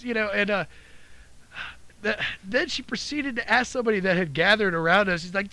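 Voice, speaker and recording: A man telling loose, profane stories in casual podcast chat. His high, gravelly voice jumps all over the place, with a bright edge. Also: fairly quick. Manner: loose, profane, animated storytelling. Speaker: podcast co-host, former cab driver.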